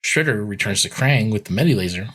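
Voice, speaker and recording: Man, podcast co-host, casual recap, rambling, low pitch, husky. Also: lively intonation, fast, fairly bright tone. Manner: rambling, filler-heavy retelling with acted quotes.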